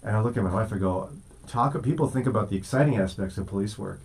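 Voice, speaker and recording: A man's voice: on the low side, quick pace, darkish tone. A man co-hosting a morning radio show, joking and bantering in the studio. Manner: joking, does playful put-on accents. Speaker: radio co-host. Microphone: studio mic.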